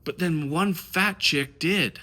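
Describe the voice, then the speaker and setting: A man's voice: fairly high pitch, takes it slowly, sharp tone. A man who coaches on dating, talking casually to the camera in a passionate, rambling rant full of swearing.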